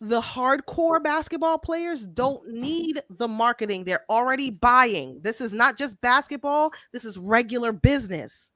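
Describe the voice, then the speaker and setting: A woman's voice: fairly high pitch, fairly bright tone, no echo. A woman co-hosting a sports talk show, arguing her point in an emphatic, insistent way. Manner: emphatic, insistent, explains slowly. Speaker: podcast co-host. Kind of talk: heated casual sports debate.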